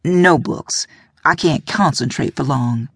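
A woman's voice: low-pitched, slow pace, creaky, breathy edge, no echo, studio quality, heavily acted. A woman doing a despairing young man calling from jail. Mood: dejected.

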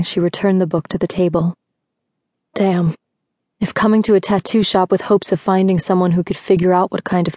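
A woman narrating an audiobook with steady, even storytelling, recorded in a studio. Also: fairly low pitch, no room sound. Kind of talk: scripted narration.

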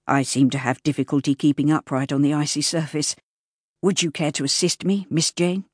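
A woman voicing a courteous, slightly flustered young gentleman in an audiobook. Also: low voice, a little fast, breathy edge, dry recording, clean studio sound. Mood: polite. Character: polite awkward young gentleman. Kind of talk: audiobook character voice.

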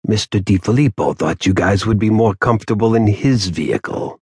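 A man's voice: fairly low pitch, normal speed, breathy edge, no room sound, studio quality. A man voicing a brutish, humorless bodyguard who speaks without emotion. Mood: deadpan. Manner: flat, emotionless. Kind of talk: audiobook character voice.

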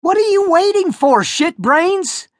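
A man's voice: high-pitched, big pitch swings, takes it slowly, dry recording, clean studio sound, exaggerated voice. A man voicing a brash, foul-mouthed young schoolboy who taunts a bully. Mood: taunting. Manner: cocky, taunting.

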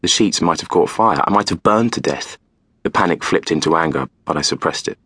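A man narrating a novel in the first person, calm and measured. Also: sits low, slightly rough, no echo. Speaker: audiobook narrator.

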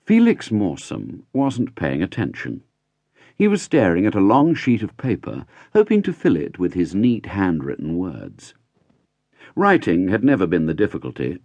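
A man reading a novel aloud as an audiobook narrator in a wry, measured storytelling manner. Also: deep voice, huge pitch swings, a little mellow, dry recording. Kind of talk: scripted narration.

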